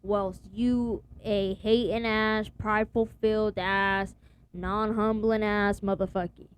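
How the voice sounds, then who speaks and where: A woman's voice: medium pitch, flat delivery, slow pace, slight background noise. A young woman vlogging in a blunt, rambling rant full of slang and swearing. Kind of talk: casual profane rant to camera.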